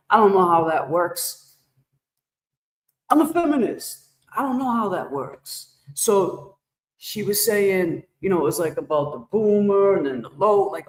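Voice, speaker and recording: A man's voice: high-pitched, normal speed. A man livestreaming and chatting casually with viewers, rambling and joking as he talks back to the chat. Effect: shower-like echo effect. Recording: echoey reverb effect on voice.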